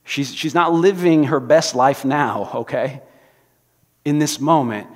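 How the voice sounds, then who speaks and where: Speaking slowly in a mid-range voice, this pastor preaches to his congregation and brings his stories to life by performing the voices of their characters. The sanctuary's long, echoing reverb fills the clip.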